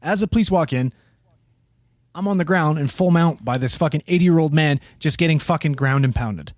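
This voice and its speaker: A man telling a long, profane story in casual podcast chat, animated and acting out the quotes. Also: fairly high pitch, normal speed, no room sound, clean studio sound.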